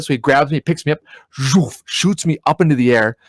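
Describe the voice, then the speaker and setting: A man's voice: on the high side, a little fast, hardly any pauses, dry recording. A man under forty, a podcast co-host, telling his dream stories animatedly, swearing often and acting out his own reactions. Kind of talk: casual podcast chat.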